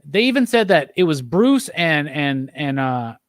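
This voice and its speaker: A man hosting a casual movie review chat, talking with animated enthusiasm and leading the discussion. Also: a little high, a little slow, dry recording, studio quality. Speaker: podcast host.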